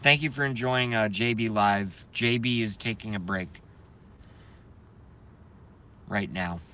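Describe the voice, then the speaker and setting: A man's voice: fairly low pitch, takes it slowly, pushed and bright. A man hosting a live stream, ranting heatedly and emphatically and repeating his phrases for effect. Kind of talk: impassioned live-stream rant.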